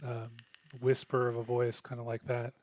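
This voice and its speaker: A man running a tabletop game as game master, narrating in a halting way full of fillers and restarts. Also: mid-range voice, monotone, a little mellow, no room sound.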